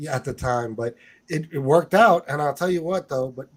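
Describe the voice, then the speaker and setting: High-voiced man hosting a casual livestream. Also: normal speed. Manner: loose and profane, with many fillers. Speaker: livestream host. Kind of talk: casual chat.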